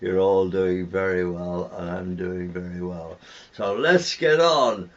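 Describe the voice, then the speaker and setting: An older man hosting his own show in a chatty, relaxed way. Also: low voice, slow, muffled recording. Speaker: host. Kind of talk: casual chat.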